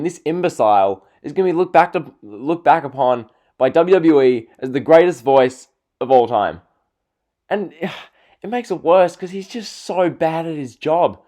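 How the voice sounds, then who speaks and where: A man's voice: fairly high pitch, a little mellow. A man hosting a wrestling vlog, ranting in an exasperated tone and sighing in frustration. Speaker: wrestling vlogger. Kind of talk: ranting opinion video.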